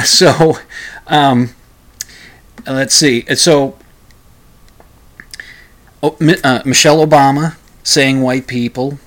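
A man's voice: medium pitch, fairly bright tone. A man hosting his own show, chatting casually and rambling about music with fumbling restarts and self-mocking asides. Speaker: show host.

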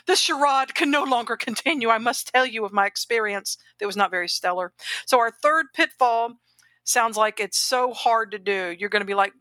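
A woman co-hosting a podcast in an animated, rambling way, often stopping to correct herself. Her voice sits fairly high and sounds bright and sharp. The recording is dry and close. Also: moderate pace, no echo. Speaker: podcast co-host, grant professional. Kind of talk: casual podcast chat.

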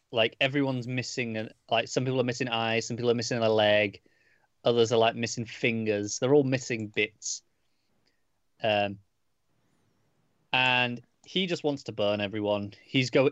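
A man's voice: medium pitch, fairly bright tone, dry recording, dull audio. A man co-hosting a casual podcast, reviewing a comic book in a rambling, hesitant way with many restarts.

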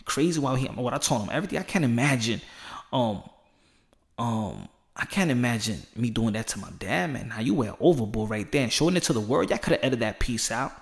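A man's voice: medium pitch, animated, a little fast, creaky. A man giving a casual, emphatic opinion commentary on boxing, rambling and rising into fired-up outbursts.

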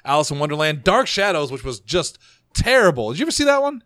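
Man, podcast co-host, casual chat, jokey, slightly high voice, dry close sound. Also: sing-song, fast, sharp tone, no echo. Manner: chatty, laughs often, jokey.

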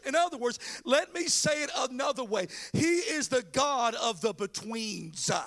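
In an animated, storytelling style, a pastor preaches a sermon, dropping into casual slang voices for the characters in his story. His voice is very high for a man, with a gravelly edge, and he moves at a moderate pace with barely any pauses.

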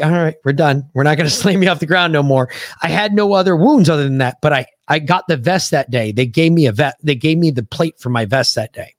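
A man's voice: a little high, fast, dry recording, clean studio sound. A man from the United States, a podcast host, bluntly and profanely retelling a combat story in casual conversation.

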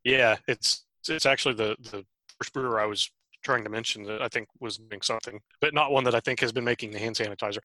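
A man hosting a podcast in casual chat, giggling a lot and filling pauses with hesitant "uh"s and "um"s. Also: mid-range voice, fairly even intonation, bright, forceful tone, no echo. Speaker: podcast host.

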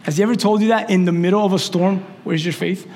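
Fiery high-voiced preacher in a hall. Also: male voice, steady tone, racing. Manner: impassioned, swings from shouting to hushed. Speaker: pastor. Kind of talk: sermon.

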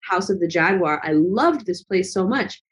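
A woman's voice: lowish voice, lively intonation, normal speed. A woman talking as a guest in a casual conversation, earnest and reflective, with lots of fillers. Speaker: guest, travel vlogger.

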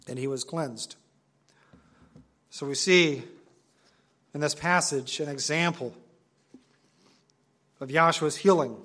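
A man preaching a sermon to his assembly, earnest and emphatic, repeating key phrases and slowing down on stressed words. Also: fairly high pitch. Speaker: pastor.

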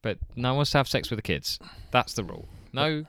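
A man's voice: mid-range voice, animated, vocal fry, fairly bright tone, no room sound, studio quality. A man co-hosting a podcast, giggling often and rattling through the sign-off. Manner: giggly, quick sign-off talk. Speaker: podcast co-host. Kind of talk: casual chat.

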